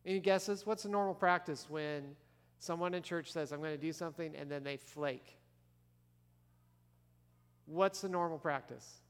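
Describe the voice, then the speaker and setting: A man's voice: on the high side, unhurried, long pauses, fairly bright tone. Man preaching in an echoing church hall. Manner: conversational preaching, asks the congregation questions. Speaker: pastor. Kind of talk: sermon. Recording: long reverb of a large church hall.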